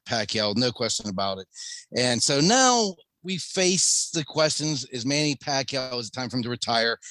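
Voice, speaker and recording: A man's voice: mid-range voice, a bit bright, no echo. A man with a mid-range voice recaps a boxing match in an easy, conversational way. He restarts his sentences now and then as he thinks. The recording is dry and close. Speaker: podcast co-host. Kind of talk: casual sports chat.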